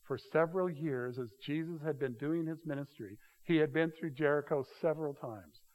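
A middle-aged man preaching a sermon, telling the story with animated delivery and acted-out voices. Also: fairly high pitch, normal speed. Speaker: pastor. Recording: long hall reverb.

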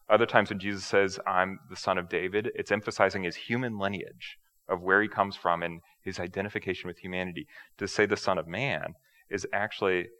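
A male pastor delivers a sermon in a church, his voice low-pitched yet bright and forceful. He explains scripture in a relaxed, conversational way, doubling back on words as he speaks. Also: low-quality recording. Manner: conversational preaching with repeated words and asides. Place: church sanctuary.

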